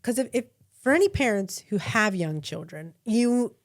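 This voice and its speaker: A woman in her thirties co-hosts a podcast, telling family stories in casual chat with a mid-range voice at a moderate pace. She's an animated storyteller who laughs often.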